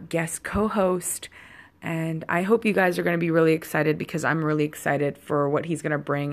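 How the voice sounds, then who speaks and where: A woman hosting a solo podcast, chatting in a rambling, casual way straight to her listeners, a little tipsy. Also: on the low side. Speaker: podcast host.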